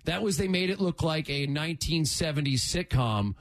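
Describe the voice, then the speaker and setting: A man's voice: a little high, animated, moderate pace. A man hosting sports talk radio, rambling and joking as he tells a story.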